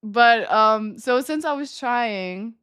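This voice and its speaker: A young woman with a slightly high voice and a light lisp from a retainer tells stories to her stream viewers. She rambles and giggles through them, with plenty of ums and likes. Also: slow, a bit bright, smooth. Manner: giggly, rambling storytelling with many fillers. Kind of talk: casual chat to stream viewers.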